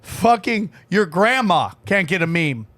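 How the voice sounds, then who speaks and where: A man's voice: high voice, sing-song, unhurried, a bit bright. A man hosting a podcast, chatting casually in a brash, rambling way with lots of swearing. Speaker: podcast host. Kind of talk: casual chat.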